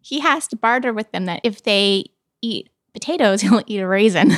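A woman's voice: medium pitch, expressive, normal speed, fairly bright tone, dry recording. Chatty laughing woman, dry close sound. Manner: laughs often, chatty storytelling. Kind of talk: casual chat.

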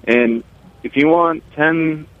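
A man's voice: fairly high pitch, takes it slowly, no echo. Enthusiastic brewery owner, male, calling in, tinny phone line, dry sound, rambling with fillers. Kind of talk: casual phone interview. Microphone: telephone.

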